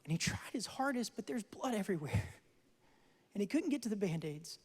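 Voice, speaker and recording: A young man preaching a sermon, telling a story in an animated way that swings from hushed to loud. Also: high voice, brisk. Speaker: pastor. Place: church hall. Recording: church hall with long reverb.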